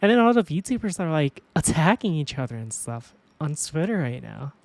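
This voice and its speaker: A woman streamer chatting casually with viewers, telling stories in an animated way, swearing freely and laughing often. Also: low voice, moderate pace, no echo.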